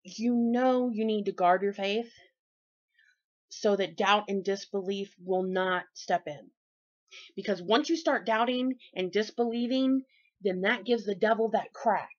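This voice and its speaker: A woman talking in a casual, sermon-like faith vlog, lively and folksy, her voice jumping high and low and loud and soft. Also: unhurried. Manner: lively, folksy and preachy, with big swings in pitch and loudness. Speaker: vlogger. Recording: dull lo-fi recording.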